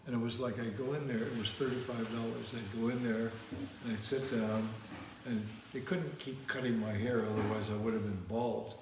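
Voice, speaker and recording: A man's voice: medium pitch, fairly even intonation, normal speed. A man telling rambling anecdotes in casual chat over drinks, often checking in with "okay?". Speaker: co-host. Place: home bar. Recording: echoey room with long reverb, faint hiss.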